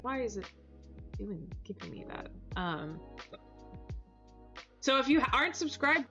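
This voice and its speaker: A woman's voice: fairly high pitch, sing-song, a little slow, sharp tone, soft background music. A woman live-streaming and chatting casually with her chat, reading messages aloud and stumbling over hard names.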